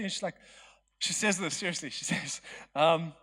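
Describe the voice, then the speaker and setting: High-voiced preacher in a hall. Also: male voice, a little fast, fairly bright tone. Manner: chatty, joking, self-mocking. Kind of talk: storytelling sermon. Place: church hall. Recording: long hall reverb.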